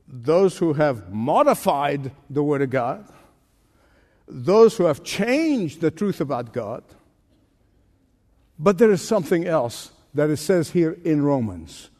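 A male pastor preaching with a high-pitched voice. He punches key phrases slowly and lets his pitch swing widely. His voice carries a long reverb from a large hall. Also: a little mellow. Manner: emphatic preaching with dramatic pitch swings and slow stressed phrases. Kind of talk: sermon.

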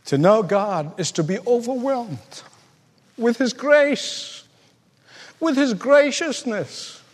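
High-voiced preacher in a big echoing hall. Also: male voice. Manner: impassioned, swings from loud and high to hushed. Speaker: pastor. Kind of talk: sermon.

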